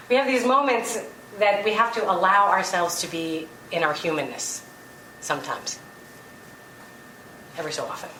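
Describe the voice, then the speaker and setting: A woman's voice: lowish voice, a little slow, long pauses, pushed and bright, a little hiss or hum. A woman giving an earnest spiritual talk to a gathering, telling personal stories with light laughter. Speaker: spiritual speaker. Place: meeting room. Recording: roomy hall, distant mic, faint ambience.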